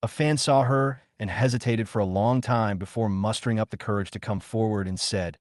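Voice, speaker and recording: A man narrating a scripted drama story in a steady storytelling manner. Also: fairly low pitch, a little fast, hardly any pauses, no room sound, studio quality.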